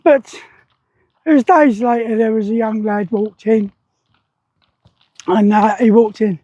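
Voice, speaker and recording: A man in his sixties talks in a rambling, plain-spoken way, with a strikingly high voice. His tone is soft and mellow. The sound is dry and a little dull and muffled, recorded outdoors. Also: fairly even intonation, unhurried, long pauses, dry recording. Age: 60s. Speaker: army veteran vlogger. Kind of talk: casual spoken vlog. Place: outdoors beside a loud weir.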